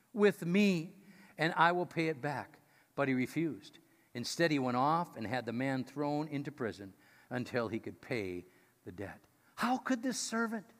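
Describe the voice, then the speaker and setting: A man preaching a sermon, reading scripture and stressing key points with rising, animated emphasis. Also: a little high. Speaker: pastor. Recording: long hall reverb.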